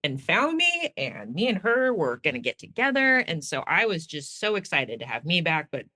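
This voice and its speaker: A woman tells her own story in a lively, chatty way, her pitch swinging up and down as she acts out both sides of old conversations. Her voice is bright, and her delivery stays loose and casual. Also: moderate pace. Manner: animated, acts out quoted dialogue. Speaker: guest sharing her story.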